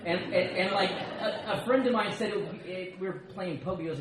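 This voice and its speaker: An American man giving a personal share at a recovery meeting, telling stories with quick asides and self-mocking humor. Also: very high voice, a bit bright. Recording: very echoey room with faint ambience.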